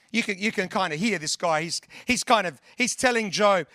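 High, bright-voiced male preacher. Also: moderate pace, hardly any pauses, no room sound, clean studio sound. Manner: earnest, conversational, with long lists and restarts. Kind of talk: sermon.

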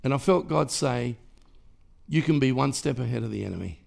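A man's voice: medium pitch, animated, brisk, vocal fry, darkish tone. A man preaching a sermon as pastor, emphatic and rhythmic, with repeated phrases and sudden rises in volume. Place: church.

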